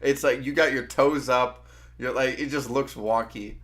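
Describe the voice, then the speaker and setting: A man's voice: mid-range voice, steady tone, moderate pace, a bit bright. A man co-hosting a stream, laid-back and a bit hesitant, laughing often in casual chat.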